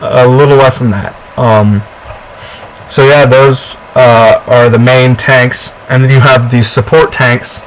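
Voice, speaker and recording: A young man talks through a video game in a chatty, rambling way, full of fillers and restarts. His voice sits at a middling pitch. A faint hiss runs under the recording. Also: steady tone, slow pace, poor audio. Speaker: co-host of a gameplay video. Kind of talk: casual gameplay walkthrough.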